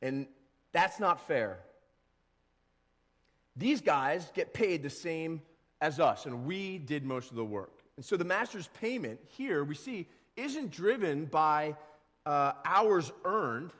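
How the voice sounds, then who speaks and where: A male pastor giving a casual, animated sermon and now and then acting out grumbling workers. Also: a little high, slow, in a large hall. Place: church sanctuary.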